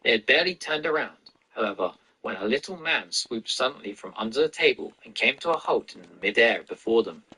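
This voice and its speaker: A man reading a novel aloud in a steady, even storytelling voice while playing a video game. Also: mid-range voice, brisk, hardly any pauses, husky, poor audio. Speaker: reader and gamer. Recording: game noise and sirens behind. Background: traffic and police sirens from a video game.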